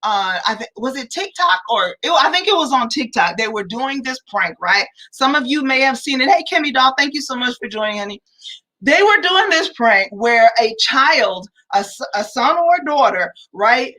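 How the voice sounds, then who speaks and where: A woman's voice: high voice, lively intonation, moderate pace, bright, forceful tone, poor audio. A woman co-hosting a family talk livestream, telling stories animatedly and calling her viewers y'all. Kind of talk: casual livestream chat.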